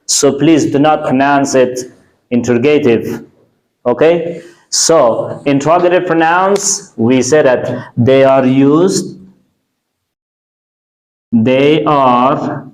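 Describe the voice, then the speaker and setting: Slow male teacher. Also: mid-range voice, poor audio. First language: Persian. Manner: slow, deliberate, repeats key words. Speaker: English teacher. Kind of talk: classroom grammar lesson.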